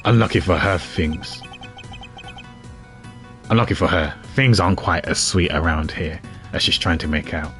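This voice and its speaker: A man voicing a composed, precise male prosecutor in a game, with a measured, dry delivery. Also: low-pitched, fairly bright tone, soft background music, voice pushed down.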